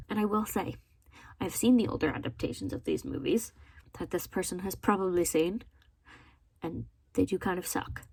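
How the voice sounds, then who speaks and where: A woman book vlogger in casual commentary, expressive and incredulous, often laughing. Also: on the low side, moderate pace, vocal fry, slightly rough, no echo.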